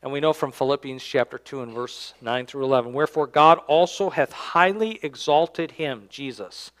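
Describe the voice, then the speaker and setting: A man, the church's pastor, preaching a sermon and reading scripture aloud, swinging between loud emphatic lines and quiet low endings. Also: moderate pace. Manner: reads scripture aloud in King James wording. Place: church sanctuary.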